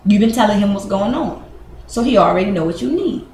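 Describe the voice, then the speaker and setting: Blunt, animated woman giving relationship advice. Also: medium pitch, a little fast, background noise. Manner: animated, blunt, swears freely, acts out both sides of conversations. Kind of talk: casual advice talk. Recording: echoey room with faint ambience.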